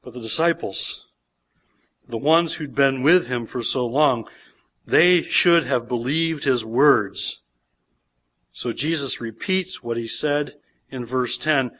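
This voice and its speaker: A man's voice: medium pitch, unhurried, bright, forceful tone. A man, a pastor, preaching a sermon in church, reading scripture aloud with emphasis and explaining it verse by verse.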